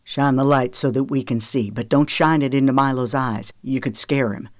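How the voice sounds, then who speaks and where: Narrator doing a calm steady guy coaching a scared kid, reassuring, dry close sound. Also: mid-range voice, moderate pace, no echo, natural voice. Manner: calm and reassuring, gives clear instructions. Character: calm, steady man rescuing a boy in a storm. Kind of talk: audiobook character reading.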